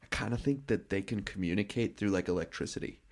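A man's voice: lowish voice, fast talker. A man guesting on a podcast, chatting casually in a rambling way, with restarts and many "like" fillers. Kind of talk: casual chat.

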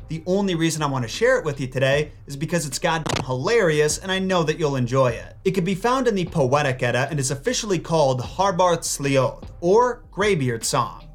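Male host, comedic myth narrator, slightly raised voice, faint music underneath. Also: on the high side. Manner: sarcastic asides.

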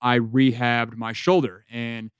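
Smooth-voiced laid-back young man. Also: medium pitch, flat delivery, takes it slowly, no room sound, clean studio sound. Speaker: podcast co-host, former football player. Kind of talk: casual podcast chat.

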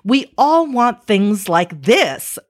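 A woman talking through an issue in a casual, explanatory way. Her pitch moves a lot as she stresses points, and she throws in quick rhetorical asides to her listeners. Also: big pitch swings. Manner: conversational, emphatic, rhetorical asides. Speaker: commentator.

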